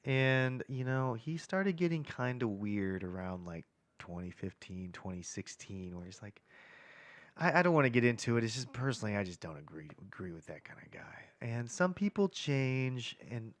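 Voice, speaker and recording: A man chatting on a podcast in a thoughtful, measured way, often stopping and restarting his sentences. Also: mid-range voice, expressive, no room sound. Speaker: podcast co-host. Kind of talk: casual podcast chat.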